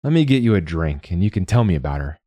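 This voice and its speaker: A man voicing a tall, lonely younger man who speaks quietly and calmly. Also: low voice, quick pace, no room sound. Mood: gentle. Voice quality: quiet, soft-spoken.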